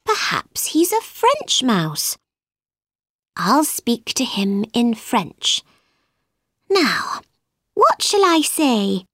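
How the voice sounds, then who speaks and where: A woman playing a polite, curious little girl in a storybook who chatters away and keeps apologising. Her voice rides high and lively, and the sound is close and dry. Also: extremely slow, long pauses, no room sound, heavily acted. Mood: musing. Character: polite, curious young girl, shrunk tiny. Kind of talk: storybook reading.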